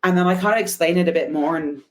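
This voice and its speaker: Lively woman telling a story. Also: fairly low pitch, fast talker. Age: young adult. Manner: animated, acts out quoted dialogue, many restarts. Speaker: podcast guest, motorcycle traveler. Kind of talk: casual storytelling chat.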